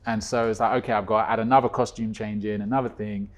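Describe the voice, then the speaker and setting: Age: adult. Sex: man. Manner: animated storytelling. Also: fast. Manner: animated storyteller with swings in pitch and loudness. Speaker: guest, co-creator of a stage musical. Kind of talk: casual chat.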